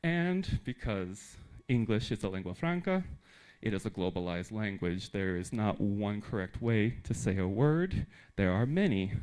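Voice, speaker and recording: A young American man giving a live presentation to teachers in a theater, lively and joking with the audience. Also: fairly low pitch, a little slow, clear, resonant tone. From United States. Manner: animated, talks with humor and audience asides. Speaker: conference speaker.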